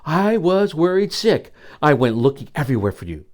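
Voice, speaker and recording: An older man voicing a worried, loving mother hyena in a read-aloud storybook, raising his voice high and exclaiming. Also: sing-song, moderate pace, a little mellow.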